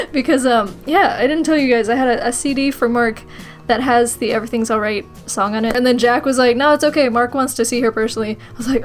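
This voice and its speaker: Excitable young woman doing a vlog voiceover, giggles a lot, kinda high voice. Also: a little fast, soft background music. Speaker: vlogger. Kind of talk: casual storytelling voice-over.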